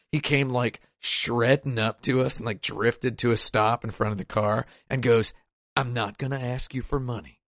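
A man's voice: medium pitch, a bit bright, no room sound, clean studio sound. Wry, joking man in casual chat. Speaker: podcast co-host.

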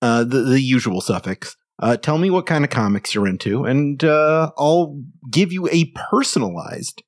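A man's voice: medium pitch, animated, normal speed, dry recording, studio quality. A man on a podcast panel chatting casually, easygoing with hesitant fillers. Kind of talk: casual chat.

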